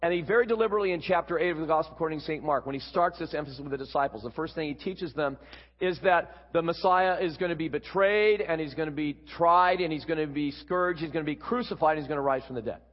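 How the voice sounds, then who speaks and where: A man preaching a sermon, explaining a Bible passage with quick asides. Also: a little high. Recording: dull, echoey hall.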